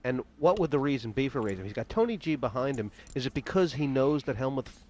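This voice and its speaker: A man's voice: mid-range voice, fast talker, slight background noise. A man calling poker hands as the main TV commentator, narrating the action and asking his co-host questions. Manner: lively, narrates the action and asks the analyst questions. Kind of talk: play-by-play TV commentary.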